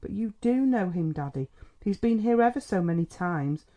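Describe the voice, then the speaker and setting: A man's voice: sits high, animated, normal speed, mellow, voice pushed up. A man reading an audiobook, voicing a cheerful young woman who sweetly teases and coaxes her father. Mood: coaxing. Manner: sweet, teasing and coaxing. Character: cheerful coaxing young woman, a doctor's daughter.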